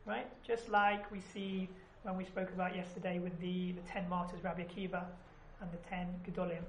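A woman's voice: lowish voice, little pitch movement, fairly quick. Chatty woman teaching in an echoey room. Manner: chatty, asks "right?" often. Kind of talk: informal class lesson. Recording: echoey room, background noise.

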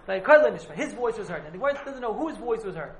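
A man's voice: high-pitched, lively intonation, racing, slight background noise. A man teaching a casual Talmud class to a few students, rambling and repeating himself as he explains. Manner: rambling, repeats and hedges often. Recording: echoey room.

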